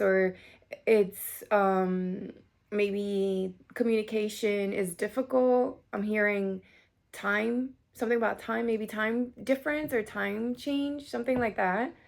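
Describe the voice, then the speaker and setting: A woman in her late thirties talks through a tarot reading in a loose, chatty way, with plenty of "um" and "like" and an occasional curse. Her voice has a gravelly edge with vocal fry at a middle pitch. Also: fairly even intonation, a little slow. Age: 30s. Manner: chatty, lots of fillers, swears casually. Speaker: tarot reader. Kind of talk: casual tarot reading to camera.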